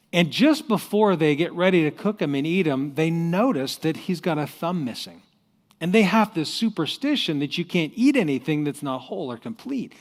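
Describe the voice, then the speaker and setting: Animated male motivational storyteller. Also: a little high, in a large hall. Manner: animated storyteller who acts out the voices. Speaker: host.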